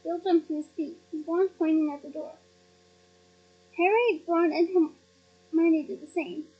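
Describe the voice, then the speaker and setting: A woman reads a novel aloud in a very high voice, lively and expressive. She breaks in with emotional asides to her listeners. The home recording sounds dull and lo-fi. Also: normal speed. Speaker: audiobook reader.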